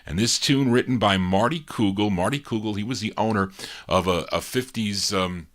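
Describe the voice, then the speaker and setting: A man hosts a live oldies record show, chatting casually between songs, rambling a bit and correcting himself along the way. His voice is on the low side, at a normal speed.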